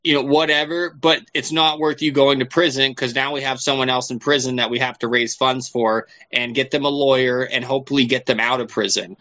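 A man's voice: mid-range voice, fairly even intonation, a little fast, hardly any pauses, bright, forceful tone. A man chatting casually as a podcast co-host, rambling and profane with lots of fillers, on a dull lo-fi recording. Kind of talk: casual chat.

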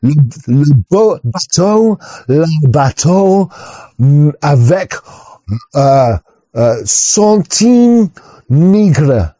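A man voicing a bumbling male coast guard officer who speaks broken franglais in a mock French accent, halting and stammering, on dull muffled audio. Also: fairly high pitch, very animated, warm tone, dry recording, exaggerated voice. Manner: halting, stammering, drawn-out words.

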